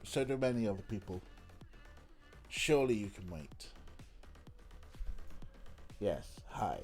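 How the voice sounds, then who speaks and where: A man's voice: fairly low pitch, expressive, slow, pauses often, darkish tone, faint music behind. A man with a stuffy, snotty nose, chatting casually on a live stream, teasing and cooing at his pet between remarks to his chat.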